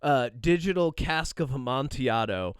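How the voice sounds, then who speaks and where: A man's voice: medium pitch, expressive, moderate pace, clean tone, dry recording, studio quality. A man co-hosting a podcast in casual chat, rambling and exasperated, piling up long wordy phrases. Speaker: podcast co-host.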